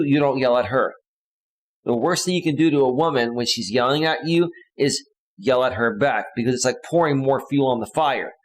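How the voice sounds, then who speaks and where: A male relationship coach giving casual advice in an earnest, lecturing way. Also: medium pitch.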